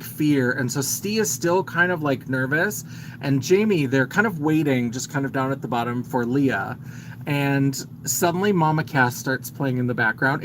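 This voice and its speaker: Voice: medium pitch, fairly bright tone, rough recording. A man hosting a live stream, casually retelling a film's plot in a chatty, filler-heavy way and greeting viewers as he goes. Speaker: host.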